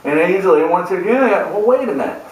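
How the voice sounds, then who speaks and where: A man's voice: high voice, expressive, very fast, roomy sound, far from the mic, poor audio. A man telling a humorous golf story, a storyteller who often repeats "and, and" as he goes. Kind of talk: humorous anecdotal talk.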